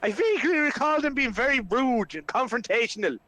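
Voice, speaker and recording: A man's voice: a little high, moderate pace, a bit bright, no echo, close to an everyday voice. A man voicing a grumpy, foul-mouthed adventurer who rants and swears in exasperation. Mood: exasperated.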